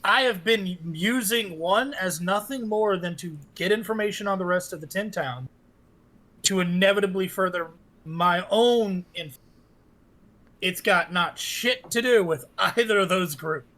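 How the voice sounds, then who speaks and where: A man playing a tabletop game, explaining his character's plans in a deliberate, talkative way. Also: sits high, pushed and bright, low-quality recording. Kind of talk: casual game chat.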